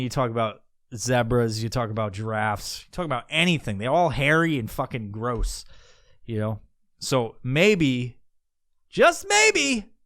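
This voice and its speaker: A man thinking out loud in a loose, wandering podcast monologue, swearing freely and stopping to restart his sentences. His voice is smooth and resonant. The sound is close and dry, with no room around it. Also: mid-range voice, no echo. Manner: meandering, profane, musing aloud with many restarts. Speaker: podcast host. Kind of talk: casual rambling monologue.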